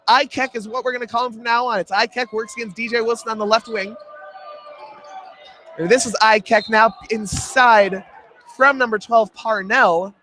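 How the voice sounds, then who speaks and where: Excitable young man calling college hoops. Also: a little hiss or hum. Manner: jokey, rapid play-by-play that jumps in pitch on big shots. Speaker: play-by-play announcer. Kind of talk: college radio basketball commentary.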